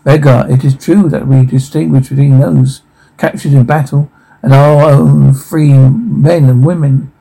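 A blunt Viking chieftain, read out by a man in a husky, gravelly voice. The tone is dark and mellow, and the lines come out flat rather than fully acted. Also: medium pitch, measured pace, rough recording. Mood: questioning.

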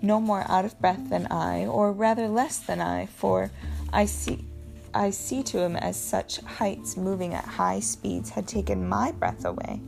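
A woman reads a novel aloud in the first person with an even storytelling pace. Her voice carries a strong gravelly rasp at a middle pitch. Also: a little slow, soft background music. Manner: steady storytelling. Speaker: audiobook reader.

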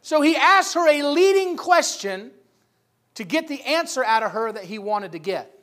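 High-voiced emphatic man preaching. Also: very animated, moderate pace. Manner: emphatic, rising loud for key points. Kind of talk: sermon.

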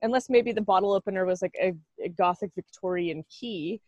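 A woman in her thirties from Canada, a musician guest on a podcast, chatting in an animated way and laughing often. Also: mid-range voice, a little fast, dry recording, dull audio. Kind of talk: casual chat.

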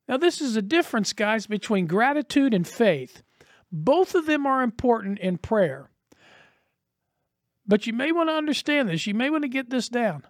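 A man's voice: very high-pitched, dry recording, studio quality. A man preaching a sermon as a pastor, earnest and conversational, posing rhetorical questions to his listeners.

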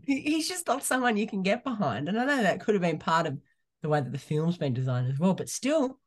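A man co-hosting a casual movie podcast, animated and talkative, laughing often and restarting his sentences as he rambles through his picks. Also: high voice, a little fast. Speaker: podcast co-host.

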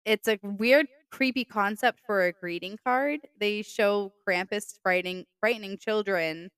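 A woman's voice: mid-range voice, unhurried, a bit bright, clear, resonant tone, no room sound. A young woman with a Boston accent co-hosting a podcast, chatting casually and joking with a lot of swearing. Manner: profane, joking, loose storytelling. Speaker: podcast co-host. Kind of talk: casual chat.

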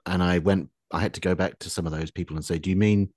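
A podcast host with a very deep voice, recorded dry and close. He speaks in a measured way, pausing on fillers as he explains. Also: little pitch movement, husky, dry recording. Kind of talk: casual chat.

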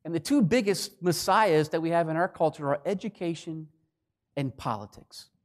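A man preaching a sermon, swinging between loud declarations and hushed, quiet lines. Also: fairly high pitch, normal speed. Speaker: pastor.

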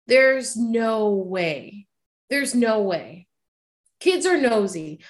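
A woman's voice: a little high, very animated, extremely slow. A woman co-hosting a podcast, speaking emphatically and repeating her points in casual chat. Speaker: podcast co-host.

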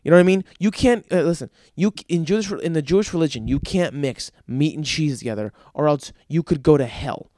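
A man's voice: a little high, fairly quick, few pauses, a little mellow, no room sound, studio quality. A man giving a stand-up comedy rant, profane and exasperated.

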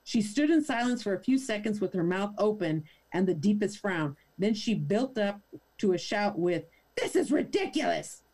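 A woman's voice: medium pitch, animated, moderate pace, darkish tone. A woman host reading a story aloud, amused and laughing often.

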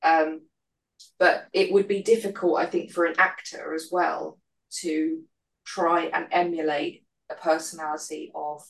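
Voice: mid-range voice, level tone, a little slow, vocal fry, low-quality recording. A podcast host in casual chat, musing aloud and offering tentative theories.

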